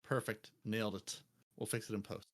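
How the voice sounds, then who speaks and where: A man co-hosting a gaming podcast with deadpan joking asides in casual chat. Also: on the low side, moderate pace. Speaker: podcast co-host.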